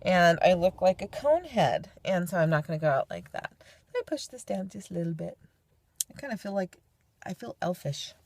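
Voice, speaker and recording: Chatty woman with a gravelly edge. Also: on the low side, big pitch swings, normal speed, darkish tone, no room sound. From California. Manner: chatty, homey, playful asides. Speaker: vlogger demonstrating head covering. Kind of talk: casual how-to tutorial.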